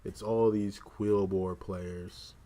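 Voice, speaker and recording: Man, Southern US accent, casual livestream commentary, lowish voice. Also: steady tone, takes it slowly, warm tone. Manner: chatty, filler-heavy with "like". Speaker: game streamer.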